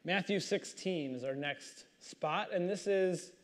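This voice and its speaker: A male pastor reading scripture aloud and commenting on it in a conversational, animated storytelling way. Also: sits high, slow pace.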